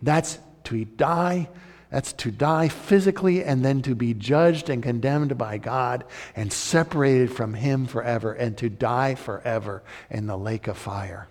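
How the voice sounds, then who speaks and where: A man preaching a sermon as pastor, swinging from loud urgent emphasis to soft, intimate appeals. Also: medium pitch, unhurried, long reverb tail.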